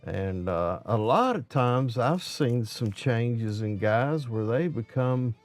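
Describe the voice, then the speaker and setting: A man with a drawl talks slowly and casually, as though chatting with viewers on a morning live stream. He rambles through stories and plays out both sides of the conversations himself. His pitch moves a good deal, and a faint guitar plays underneath. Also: lively intonation. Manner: folksy, rambling storytelling with quoted dialogue. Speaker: live stream host, safety supervisor. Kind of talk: casual monologue.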